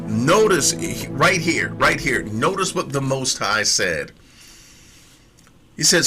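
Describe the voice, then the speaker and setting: A man teaching a sermon slowly and emphatically, repeating phrases to press each point. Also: mid-range voice, sing-song, bright, forceful tone, faint music behind.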